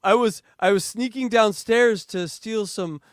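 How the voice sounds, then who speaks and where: A man co-hosting a podcast in crude casual banter, loud and laughing as he rants. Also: high voice, a little slow, clean tone, dry recording, clean studio sound. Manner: loud, laughing, animated ranting. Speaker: podcast co-host.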